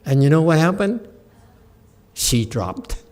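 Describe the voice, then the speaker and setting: With a fairly high pitch and a slow pace, a meditation teacher delivers a Buddhist dharma talk. He tells a story animatedly, laughing often and voicing the characters.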